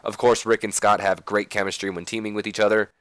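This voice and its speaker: A man's voice: lowish voice, little pitch movement, fast, dry recording. A man hosting a let's play, giving loose, chatty game commentary with lots of filler.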